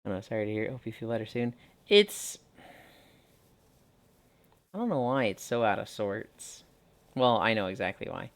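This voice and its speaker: A man's voice: lowish voice, a little slow, long pauses. Tired, chatty male streamer walking. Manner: relaxed, chatty, reads viewer messages aloud; talks while walking. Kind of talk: casual live-stream chat while gaming.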